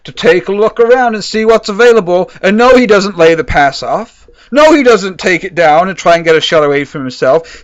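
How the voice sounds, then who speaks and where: A man's voice: sits high, no echo, dull audio. A man giving a raw football match reaction, ranting sarcastically and swearing freely. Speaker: football fan video creator.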